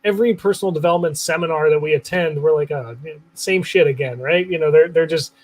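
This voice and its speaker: A man's voice: on the high side, fast, rough recording. A male show host speaking in a casual, enthusiastic, reflective way during an interview. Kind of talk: conversational interview.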